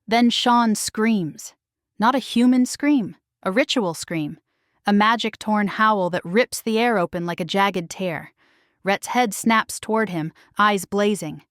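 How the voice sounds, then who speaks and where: A woman reading a first-person paranormal romance story aloud, hushed and emotional. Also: mid-range voice, no echo, clean studio sound. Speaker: narrator.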